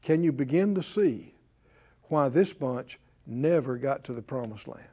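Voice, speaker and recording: A man's voice: medium pitch, animated, measured pace, warm tone. A man teaching a Bible class as a sermon, emphatic and calling for responses from the class.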